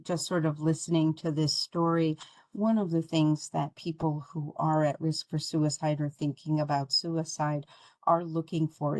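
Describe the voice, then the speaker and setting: A woman's voice: low-pitched, a little mellow, no echo, poor audio. A woman leading a training webinar, talking in an earnest, conversational way with frequent ums. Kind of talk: webinar presentation.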